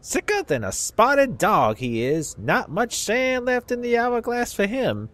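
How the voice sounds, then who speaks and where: A man's voice: very high voice, sing-song, unhurried, a bit bright, voice pushed up, exaggerated voice. A man putting on a drawling old Southern coot. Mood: gossipy. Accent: Southern US, put on. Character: crusty old male bar regular, gossipy, scornful.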